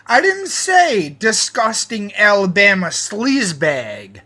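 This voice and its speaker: A man's voice: extremely high pitch, expressive, takes it slowly, sharp tone. A man ranting in a rambling, profane monologue, repeating his phrases and restarting them often. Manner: repetitive, restarts phrases, swears heavily.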